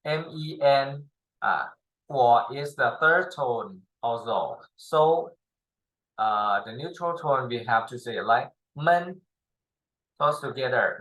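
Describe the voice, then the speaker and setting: A male tutor whose first language is Thai explains a lesson very slowly, in halting English full of pauses and fillers. His voice sounds bright and forward. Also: mid-range voice, expressive, rough recording. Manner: halting, many fillers and restarts, non-native English. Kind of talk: slow spoken language lesson.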